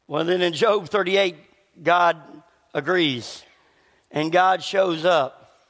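A man preaching a sermon in a church, talking in a relaxed, conversational way with a throat that is a little scratchy. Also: high-pitched, in a large hall. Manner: conversational preaching with a slight rasp, pauses to cough. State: scratchy voice needing a cough drop. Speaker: pastor. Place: church sanctuary with long reverb.

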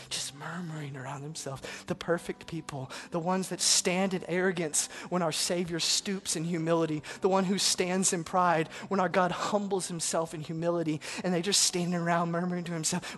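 A preacher giving a dramatic sermon that swings between loud passages and hushed asides, with faint music behind. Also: medium pitch, steady tone, moderate pace, hardly any pauses.

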